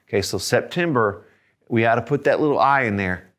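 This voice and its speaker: A man teaching a video language lesson as a Spanish teacher, encouraging, repeating each word slowly so learners can say it after him. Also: mid-range voice, animated, fairly bright tone.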